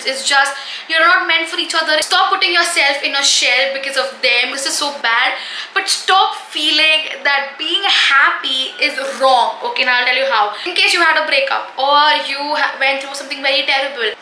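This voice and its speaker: A young woman speaks to camera in a high, very bright voice, giving a sassy, animated pep talk. Her tone swings up high when she gets emphatic. The sound is echoey, with a faint hum behind it. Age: young adult. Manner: animated, sassy, calls viewers honey. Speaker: vlogger.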